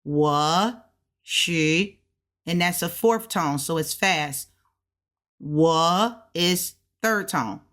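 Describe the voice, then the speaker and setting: Woman, low voice, very slow, repeats syllables to practice tones, self-study lesson. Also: fairly bright tone. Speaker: language learner sharing practice.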